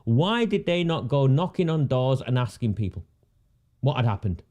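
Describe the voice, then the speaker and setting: A man's voice: mid-range voice, big pitch swings, normal speed, dark tone. A man, delivering a sarcastic, indignant rant and repeating phrases for emphasis. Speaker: independent political commentator. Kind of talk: ranting monologue.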